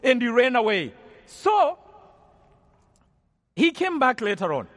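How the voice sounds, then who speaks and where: A man's voice: very high voice, huge pitch swings, slow. A man from Rwanda giving an earnest testimony as a preacher, often repeating and restarting his phrases. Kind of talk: storytelling sermon testimony. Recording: long hall reverb.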